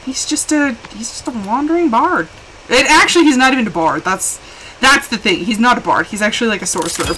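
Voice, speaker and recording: Chatty, animated woman streamer. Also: a little high, a little hiss or hum, rough recording. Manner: chatty, rambling, quick to laugh; animated, jumps between hushed asides and excited bursts. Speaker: game streamer. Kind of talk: casual live-stream chat while playing.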